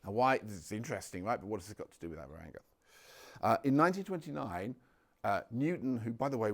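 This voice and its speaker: Halting low gravelly male history speaker. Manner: halting, many ums and restarts. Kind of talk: public talk with slides. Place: village hall.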